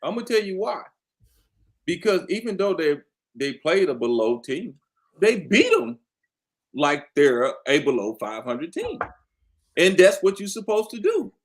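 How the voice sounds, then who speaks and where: Guy w a lively up-and-down voice, laughing n teasing about football picks. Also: high-pitched, a little slow, long pauses. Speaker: sports talk panelist. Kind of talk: casual sports chat.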